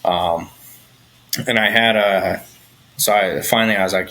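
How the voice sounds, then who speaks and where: Low, bright-voiced man telling stories frankly. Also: steady tone, a little slow, long pauses, poor audio. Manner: frank, swears freely. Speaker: podcast guest. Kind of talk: candid personal storytelling.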